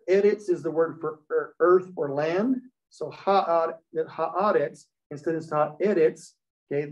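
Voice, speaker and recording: This is a Hebrew class lecture by a man whose voice sits fairly high with a darkish tone. He explains step by step and checks in with the students, all on a dull lo-fi recording.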